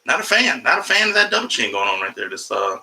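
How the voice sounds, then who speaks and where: A man's voice: mid-range voice, very animated, quick pace, pushed and bright, poor audio. A man doing a casual, rambling comedy livestream from home, profane and jumping between topics, talking to his cat along the way. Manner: talks to his cat mid-stream.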